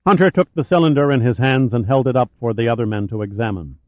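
A man reading an audiobook in a measured, even voice. The sound is narrow and phone-like, like a telephone line. The recording is completely dry, with no room around the voice. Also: medium pitch, no room sound. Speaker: audiobook narrator. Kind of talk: scripted narration.

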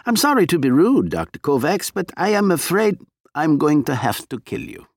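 A man's voice: on the high side, very animated, moderate pace, no echo, studio quality, voice pushed up. A man voicing a genial, coldly polite male Soviet agent in disguise, in an audiobook reading. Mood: genial menace. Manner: polite, smooth, coldly courteous.

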